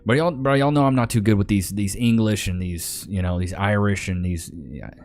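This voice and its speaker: A man hosting a casual live stream chats loosely in slang and reads names from the chat into a desk microphone. His voice is lowish and a little mellow, at a normal speed.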